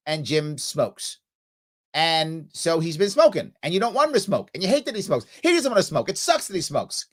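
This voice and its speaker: An American man hosts a live political show and lectures his viewers with real conviction. His pitch rises and falls sharply as he acts out imagined conversations, and he hammers each point home. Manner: animated, emphatic, acts out both sides of arguments. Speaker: political talk show host. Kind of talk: impassioned livestream monologue.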